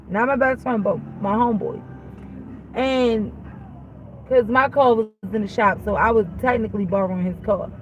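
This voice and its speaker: The recording is dull, with a little hiss or hum, as a vlog host with a high-leaning voice tells a story. She's blunt, casual and profane, animatedly performing the dialogue of both parties.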